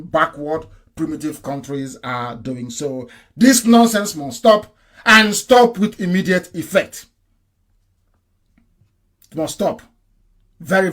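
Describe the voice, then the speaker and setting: A man's voice: on the high side, fairly bright tone. A man delivering an impassioned political broadcast, emphatic and full of rhetorical questions and repetition. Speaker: activist broadcaster.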